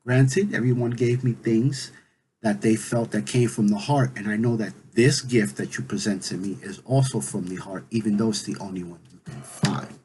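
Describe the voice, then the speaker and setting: A man's voice: fairly low pitch, background noise, lightly acted. A man voicing a stern all-knowing god-king. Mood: solemn. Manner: stern, measured, then gentle.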